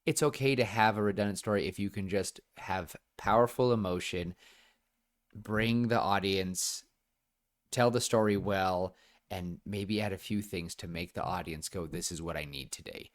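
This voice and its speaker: Young guy podcast cohost, kinda low voice, rambles excitedly with lots of likes and restarts. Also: measured pace. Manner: enthusiastic, rambling with many restarts and fillers. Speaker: podcast co-host. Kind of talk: casual chat.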